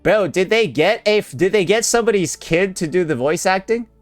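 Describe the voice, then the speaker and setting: A man's voice: sits high, expressive, a little fast, over music. A man making a blunt, profane gaming reaction video, incredulous and repeating "bro" constantly. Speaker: gaming YouTuber.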